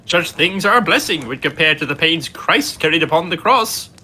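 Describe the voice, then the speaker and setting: A man's voice: a little high, lively intonation, moderate pace, bright, forceful tone, a little hiss or hum. A man voicing a devout elderly nun who speaks earnestly of faith and hardship. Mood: pious. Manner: earnest, preachy.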